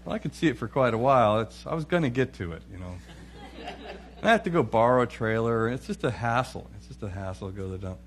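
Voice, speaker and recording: Animated, chuckling middle-aged man storyteller. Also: medium pitch, fast, noisy background. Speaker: speaker. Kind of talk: humorous storytelling talk.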